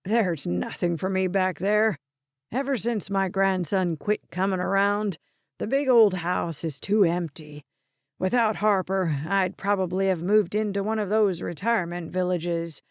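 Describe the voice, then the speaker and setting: A woman voicing an elderly grandfather in the hospital, blunt, demanding and forceful, in a slow audiobook reading. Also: mid-range voice, no room sound, studio quality, close to an everyday voice. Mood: heartfelt. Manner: forceful, bossy, impatient.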